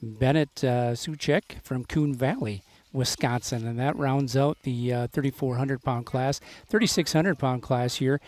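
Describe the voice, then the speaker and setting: A man announcing a live local event on a microphone, halting often with filler pauses as he reads names off a list. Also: medium pitch, a little mellow. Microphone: handheld microphone.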